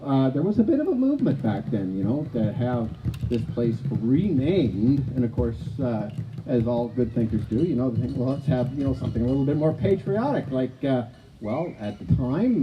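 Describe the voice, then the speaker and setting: A man's voice: medium pitch, sing-song, moderate pace, dull audio, slight background noise. A man presenting a live outdoor stage show, rambling and playful, with many asides. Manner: chatty, full of "you know" asides, playful showman.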